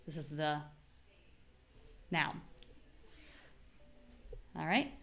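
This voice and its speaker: A young American woman teaching a live online pronunciation class, clearly drilling syllables and explaining word stress. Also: low voice, fairly bright tone. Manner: clear, demonstrative, repeats syllables slowly for drills.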